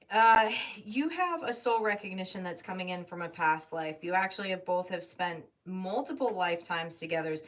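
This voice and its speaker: A woman's voice: lowish voice, fairly bright tone. A woman giving a live tarot reading, thinking aloud and emotional, swearing casually. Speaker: tarot reader. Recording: distant mic with faint noise.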